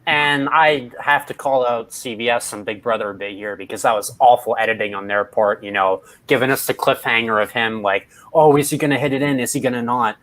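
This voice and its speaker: A man's voice: medium pitch, fairly quick, few pauses, fairly bright tone. A man co-hosting a casual online show, talking in a wry, critical way. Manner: wry, critical, fond of puns. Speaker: podcast co-host. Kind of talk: casual recap chat.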